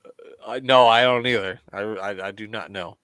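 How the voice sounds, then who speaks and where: A man's voice: fairly low pitch, fairly even intonation, moderate pace, pushed and bright, clean tone, dry recording. A man co-hosting a casual podcast, joking and swearing often and laughing as he comments on a wrestling match. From US Midwest. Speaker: podcast co-host.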